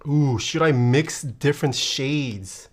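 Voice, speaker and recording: Male streamer, unhurried and mid-pitched, casual think-aloud chat that answers viewers. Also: a little hiss or hum. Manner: thinks aloud and reads viewer questions back. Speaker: keyboard builder streaming live.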